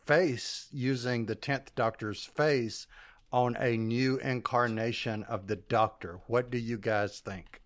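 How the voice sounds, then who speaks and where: A man's voice: medium pitch, steady tone, slow pace. A man hosting a casual podcast discussion, speculating eagerly and putting questions to his co-hosts. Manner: enthusiastic, speculative, asks the panel questions. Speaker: podcast host.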